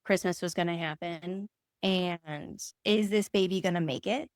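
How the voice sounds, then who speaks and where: Earnest woman with a lowish voice. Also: a little slow, no echo, studio quality. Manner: earnest, conversational, acts out remembered dialogue. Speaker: podcast guest. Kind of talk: personal storytelling in an interview.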